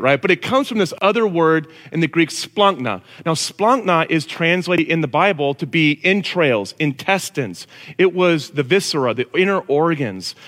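A man preaching a casual, animated sermon to a congregation. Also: a little high. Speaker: pastor. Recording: long reverb of a large hall.

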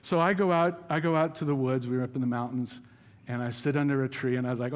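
A man's voice: medium pitch, fairly even intonation, fast. A man preaching a sermon as pastor, telling a personal story in a casual, self-deprecating way. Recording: reverberant hall.

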